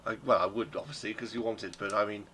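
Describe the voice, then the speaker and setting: A man's voice: fairly low pitch, fairly even intonation, quick pace, pushed and bright, a little hiss or hum. A man narrating as game master and voicing the innkeeper, rambling and full of ums. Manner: rambling, many ums and restarts.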